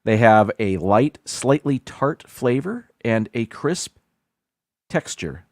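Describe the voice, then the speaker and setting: A man's voice: medium pitch, lively intonation, slow, no room sound, clean studio sound. A man hosting a livestream, casually reading a list aloud, stumbling over foreign words and adding self-deprecating asides. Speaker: livestream host.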